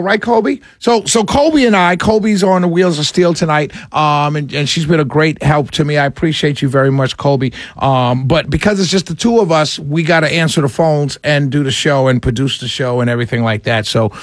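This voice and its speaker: A man's voice: on the high side, fairly quick, no echo, clean studio sound. A man hosting a call-in radio talk show, chatty and friendly with callers. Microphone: studio microphone.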